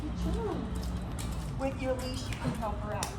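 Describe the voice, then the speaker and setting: A woman's voice: a little high, steady tone, a little fast, roomy sound, far from the mic, very noisy. A woman dog trainer giving a training demonstration outdoors, praising the dog and explaining to owners. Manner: praising, instructive, coaching. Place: outdoors on a driveway or street.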